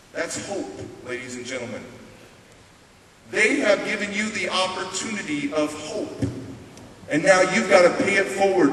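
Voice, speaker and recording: A man giving a motivational stage speech, telling his story emphatically with dramatic pauses. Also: high voice, a bit bright. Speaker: motivational speaker. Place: large hall on stage. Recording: echoey hall from far off, hiss.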